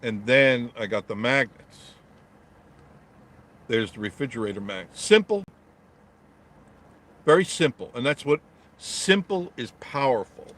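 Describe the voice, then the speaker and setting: A man's voice: medium pitch, expressive, normal speed, fairly bright tone. Middle-aged male vlogger from New York, blunt and wisecracking, live from his car. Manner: blunt, joking, reads viewer comments aloud and answers them. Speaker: travel vlogger reading live chat. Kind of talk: casual live-stream chat from a parked car. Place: inside a car in traffic.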